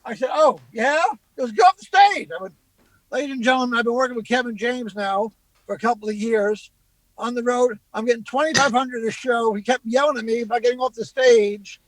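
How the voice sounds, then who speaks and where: A middle-aged male comedian, telling animated anecdotes and acting out what people said. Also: extremely high pitch, fast talker, dry recording, low-quality recording. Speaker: comedian guest. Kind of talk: casual storytelling.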